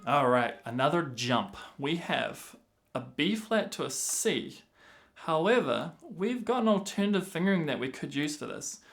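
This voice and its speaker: A man teaching the clarinet, patiently explaining fingerings and counting rhythms out loud, with clarinet playing between phrases. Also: fairly high pitch, big pitch swings, a little slow, creaky. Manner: patient, breaks rhythms down by counting and singing syllables aloud. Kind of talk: instructional explanation.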